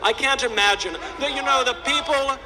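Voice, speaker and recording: A man's voice: very high-pitched, brisk, poor audio. A man outdoors mocking a group of hecklers in a sarcastic tone. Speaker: speaker facing hecklers. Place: outdoors in a city. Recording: outdoor clip with crowd and street noise.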